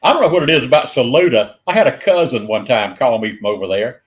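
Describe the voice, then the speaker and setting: A man's voice: mid-range voice, lively intonation, fast. An older man with a Southern US accent, a guest telling a funny story in an easygoing, dry-humored way, chuckling now and then. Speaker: guest speaker. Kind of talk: casual storytelling chat.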